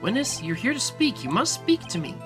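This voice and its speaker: A man's voice: high-pitched, big pitch swings, fairly quick, voice pushed up. A man voicing an earnest young defense lawyer, speaking in an insistent way. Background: game music.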